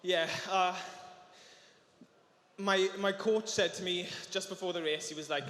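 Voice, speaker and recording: Emotional young Welsh man, bright voice. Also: high voice, fairly even intonation. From South Wales. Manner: halting, with many restarts and fillers. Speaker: interviewed swimmer. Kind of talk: emotional poolside interview. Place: large indoor swimming arena. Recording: long arena reverb.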